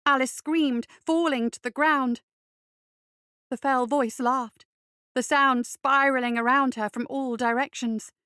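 A woman reading a fantasy story aloud in measured, even scripted narration. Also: sits high, clean tone, dry recording, clean studio sound. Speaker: reader.

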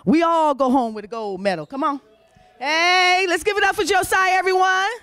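A woman hosts a youth talent show, her voice sitting high. She is animated and cheering, calling names out loud as she waves each child up to collect an award. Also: moderate pace. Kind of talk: lively emcee handing out awards. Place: congregation hall.

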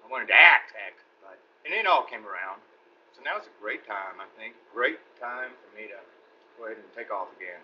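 A man's voice: fairly low pitch, animated, a little fast. A middle-aged man from East Texas with a Southern Texan accent, a guest actor telling rambling stories in a casual interview and laughing between anecdotes. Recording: muffled podcast audio with faint hiss.

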